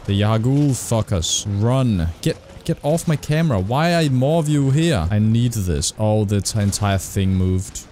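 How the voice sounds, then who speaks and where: A young man giving casual, excitable gameplay commentary as a streamer, swearing often. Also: medium pitch, moderate pace, a little hiss or hum. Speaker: gaming streamer.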